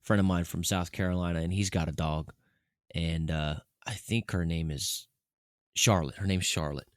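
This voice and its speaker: A podcast co-host chats casually, telling stories and acting out conversations with his cat. His voice is low with fairly even intonation and a normal speed, recorded in studio quality with no echo.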